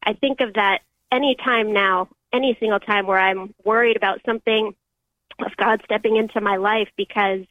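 A woman's voice: mid-range voice, fairly even intonation, no room sound. Earnest young woman on a phone line. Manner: earnest, halting, emotional. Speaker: caller. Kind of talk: telling a personal faith story on a call-in show.

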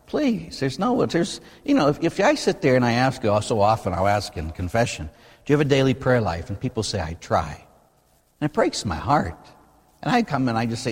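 A man, a priest, preaching a sermon in an animated, conversational way full of rhetorical questions. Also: mid-range voice, husky. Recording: long reverb in a large hall.

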